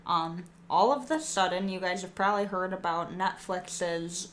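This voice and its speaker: A woman's voice: lowish voice, steady tone, normal speed, slight background noise. A woman co-hosting a podcast in casual chat, talking in a loose way with many fillers. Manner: chatty, uses fillers like um and like. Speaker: podcast co-host.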